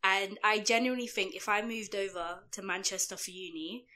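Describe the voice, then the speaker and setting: A young woman with a London accent talks in an easy podcast chat. Her voice is bright and clear, with middling pitch. She gushes and leans on "like" and "you know" as she goes. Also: moderate pace. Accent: London English. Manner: chatty, gushing, fillers like "like" and "you know". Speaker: podcast co-host. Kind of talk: casual chat.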